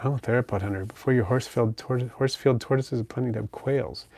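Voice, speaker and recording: A brisk, gravelly man with a mid-range voice hosts a pet livestream. Relaxed and chatty, he goes through viewer comments and coos gently to his pet bird.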